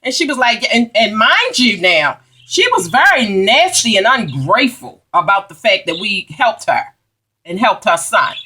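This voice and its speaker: A woman's voice: mid-range voice, very animated, normal speed, bright, forceful tone, husky. A woman telling a heated, profane story as a vlogger, emphatic and indignant. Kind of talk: angry storytime rant.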